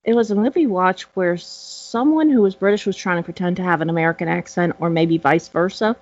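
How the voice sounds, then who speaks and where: Lowish woman, blunt and exasperated. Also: fairly quick, a little mellow, no echo. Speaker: podcast co-host. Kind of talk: casual chat. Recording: dull, dry lo-fi audio.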